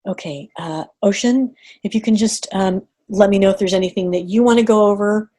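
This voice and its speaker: A middle-aged woman leading an online group coaching call, talking in an animated way and acting out inner reactions. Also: mid-range voice, brisk. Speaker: coach running a group session. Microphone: video call.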